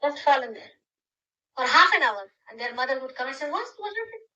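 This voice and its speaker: A woman's voice: sits high, fairly quick, pushed and bright, muffled recording. An older woman, a grandmother, giving a spiritual talk to her followers and guiding them with short, direct instructions. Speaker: spiritual teacher.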